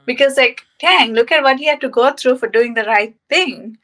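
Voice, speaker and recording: A woman's voice: high voice, moderate pace, sharp tone. A woman in a casual book club chat on a video call, talking in a thoughtful, easygoing way.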